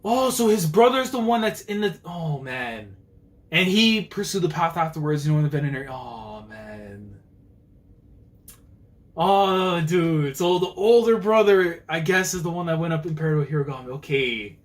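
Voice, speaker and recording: A young man reading a manga chapter aloud and reacting live, excitable and slangy, often acting out the characters' lines. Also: fairly high pitch, normal speed.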